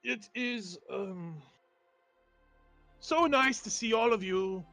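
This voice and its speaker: A man voicing a pompous male wizard who leads a funeral, talking in a formal and halting way. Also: high-pitched, creaky, bright, forceful tone, faint music behind, pitched above the performer's own voice, heavily acted. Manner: hesitant, formal, halting speech.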